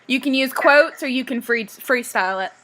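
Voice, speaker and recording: A young woman hosts a casual fan podcast from her computer mic on a video call. Her voice is bright and a little high. She runs things briskly and cracks crude, teasing jokes. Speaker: podcast host. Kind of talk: casual chat.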